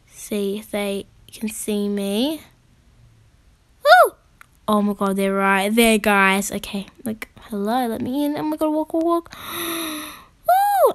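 A woman's voice: a little high, a bit bright, dry recording. A woman hosting her gaming channel, chatting casually through her gameplay with frequent gasps and exclamations. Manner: chatty, giggly, gasping and exclaiming.

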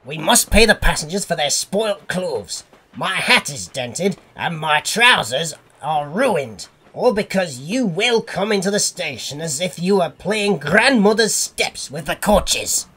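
A man's voice: medium pitch, big pitch swings, slow, bright, forceful tone, husky, exaggerated voice. A man doing a blustering railway boss. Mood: cross. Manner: blustering, scolding. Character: stout, pompous, cross male railway boss.

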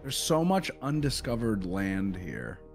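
A man's voice: huge pitch swings, a little slow, vocal fry, soft background music. A man teasing his opponent in casual banter over a video game. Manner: teasing, playful, swings between low mumbles and loud whoops. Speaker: gamer.

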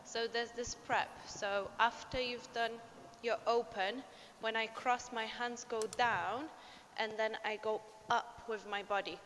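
A woman teaching a live online dance class, explaining steps slowly and counting beats. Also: fairly high pitch, fairly even intonation, fairly bright tone. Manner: slow, step-by-step explanations. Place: dance studio. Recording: long reverb, faint ambient noise.

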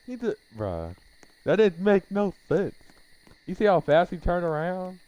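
Excitable young man yelping at a horror game. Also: sits high, unhurried, low-quality recording. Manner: excitable, yells and laughs at scares, heavy slang. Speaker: gaming video creator. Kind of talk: playing a horror game with live commentary.

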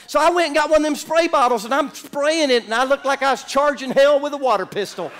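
A man from Florida preaching a sermon, telling a story with animated bursts and calls to the congregation in a church. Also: extremely high pitch, quick pace, a little hiss or hum. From Orlando, Florida. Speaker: pastor. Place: church sanctuary.

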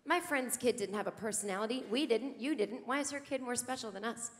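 A woman's voice: on the high side, a little fast. A woman in her forties doing a sardonic stand-up routine on a theater stage, acting out the voices she quotes. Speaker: stand-up comedian. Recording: long hall reverb from live theater.

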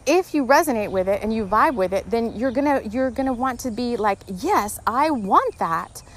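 A woman's voice: fairly high pitch, fairly quick. A woman hosting a spiritual podcast, talking casually and earnestly, rambling with many restarts and getting emotional. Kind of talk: casual spiritual guidance talk.

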